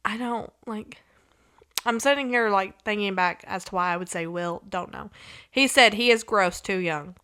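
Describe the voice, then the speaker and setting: A young woman hosts a casual podcast and tells a story in a loose, chatty way, with her sentences full of "like." Her voice is bright and crisp, pitched in a middle range, and she reads old text messages aloud as part of the story. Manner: chatty, frequent "like" fillers. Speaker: podcast host.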